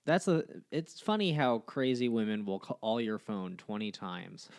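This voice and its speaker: A man's voice: on the low side, sing-song, measured pace, vocal fry, clear, resonant tone. A man hosting a podcast, chatting casually and teasing his guest with sarcasm. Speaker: podcast host.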